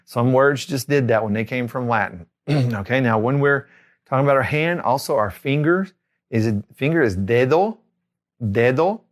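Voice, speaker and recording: A man's voice: mid-range voice, lively intonation, normal speed. A middle-aged man giving a spoken vocabulary lesson as a tutor, repeating each word twice for learners. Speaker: language tutor.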